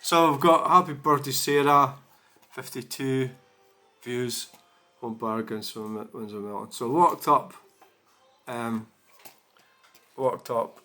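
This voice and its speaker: A man's voice: medium pitch, slow, pauses often, bright, forceful tone, faint music behind. Rambling man chatting to his viewers. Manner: rambling, many fillers and restarts. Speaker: channel host. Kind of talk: casual chat to camera.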